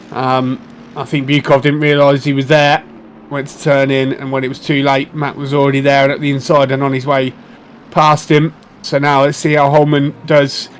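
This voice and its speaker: A man as co-commentator on a sim race, giving relaxed, conversational analysis. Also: medium pitch, slight background noise.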